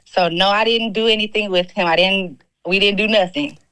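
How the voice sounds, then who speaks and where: A young woman calling in to a podcast, telling a story in an animated, gossipy way. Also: medium pitch, moderate pace, smooth, poor audio. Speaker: caller. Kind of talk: casual storytelling.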